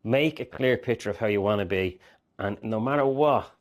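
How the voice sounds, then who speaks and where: A man's voice: on the low side, normal speed. A man speaking as a mindset coach, earnest and rambling, often acting out inner voices. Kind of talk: direct-to-camera coaching talk.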